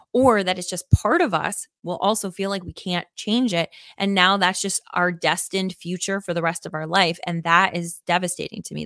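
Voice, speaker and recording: A woman's voice: medium pitch, a bit bright, dry recording, clean studio sound. A woman hosting a podcast, talking in an earnest, enthusiastic and rambling way, with many fillers. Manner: enthusiastic, emphatic. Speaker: podcast host. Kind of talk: casual reflective podcast chat.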